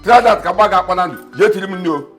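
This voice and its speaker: A man's voice: high voice, lively intonation, fast, fairly bright tone, soft background music. A scornful Nigerian father. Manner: mocking, scornful. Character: scornful middle-aged father, callous, domineering. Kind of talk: film acting.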